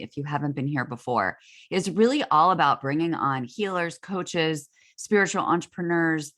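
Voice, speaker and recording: Woman, host, low voice from a cold, bubbly and gushing, video call. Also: fairly bright tone. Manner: bubbly, effusive. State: has a cold, voice lowered. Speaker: podcast host. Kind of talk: casual interview chat.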